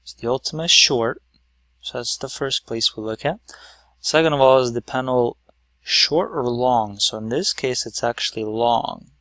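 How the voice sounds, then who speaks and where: A man's voice: mid-range voice, moderate pace, fairly bright tone, dry recording. A man teaching a lesson at a whiteboard, explaining patiently step by step with some fillers.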